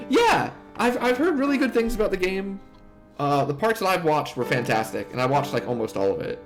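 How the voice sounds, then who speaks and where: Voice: medium pitch, big pitch swings, brisk. A streamer chatting casually with viewers while playing a video game, rambling and chatty. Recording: game music underneath.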